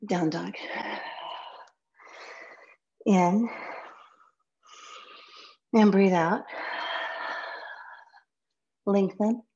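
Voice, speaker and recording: A woman teaching a yoga class, giving short calm cues while she practices along, sometimes dropping to a whisper. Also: medium pitch, very slow, highs cut off. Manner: calm, sparse one-word cues, some soft whispered counts.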